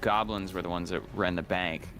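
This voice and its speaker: A man's voice: low-pitched, fairly even intonation, moderate pace, a bit bright, faint music behind. A man in casual chat, matter-of-fact, dryly correcting details.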